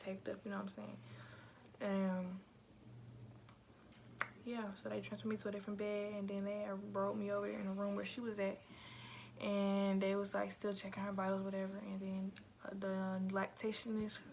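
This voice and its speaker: Young female vlogger, casual and slangy, gravelly fry, slips into soft whispers. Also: medium pitch, slight background noise. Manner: slangy, addresses viewers as y'all, often drops to a soft whisper. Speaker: vlogger telling her birth story. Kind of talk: casual storytime to camera.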